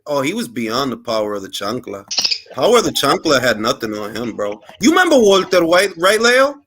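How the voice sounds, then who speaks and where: A man's voice: mid-range voice, wildly swooping pitch, brisk, noisy background. A man hosting a casual boxing podcast, telling stories in slangy English with Spanish phrases thrown in. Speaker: podcast host. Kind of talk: casual panel chat.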